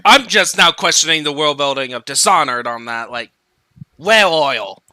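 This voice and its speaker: Jokey male co-host, high bright voice, very lively, dry close mic. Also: dry recording. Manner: quick jokey asides and laughter. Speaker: podcast co-host. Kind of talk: casual chat.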